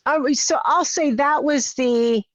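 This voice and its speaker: A woman's voice: high-pitched, unhurried, no room sound. A middle-aged woman talking as a podcast guest, telling her story with energy and acting out her own thoughts. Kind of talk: conversational interview. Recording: slightly dull, muffled audio.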